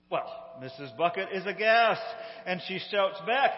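A man casually retelling a sitcom episode in an animated, amused, conversational way, recorded on a handheld phone. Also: fairly high pitch, measured pace, long reverb tail, lo-fi sound.

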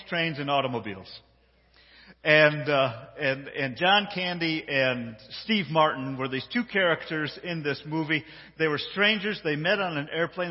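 A man preaching a sermon, telling a story with lively animation and often repeating words as he builds up steam. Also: a little high, slightly rough. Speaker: pastor. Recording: dull sound with long hall reverb.

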